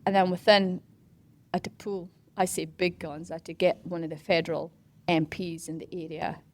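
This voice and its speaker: A middle-aged woman being interviewed, telling a story in a lively, casual way, acting out what other people said and dropping into whispers. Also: lowish voice, moderate pace. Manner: animated, acts out quoted voices and whispers for effect. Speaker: interview guest, parkrun organiser.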